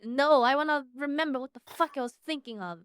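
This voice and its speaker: A woman's voice: high voice, fairly quick, no echo, studio quality. A woman guest on a casual stream, chatting in an easygoing, giggly way.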